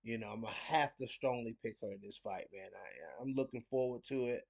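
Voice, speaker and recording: A man's voice: medium pitch, lively intonation, brisk, creaky. A man hosting a casual fight preview, rambling and repeating words with lots of fillers. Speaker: host of a fight picks show.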